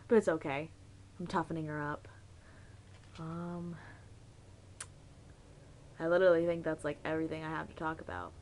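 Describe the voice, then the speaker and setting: A woman's voice: low voice, darkish tone, slight background noise, rough recording. Young woman vlogging, rambly and giggly, keeps losing her train of thought. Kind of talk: casual chat.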